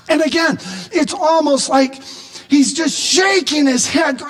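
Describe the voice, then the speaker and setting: A man preaching a sermon as pastor, animated and emphatic, at times raising his voice to a shout. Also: extremely high pitch, moderate pace.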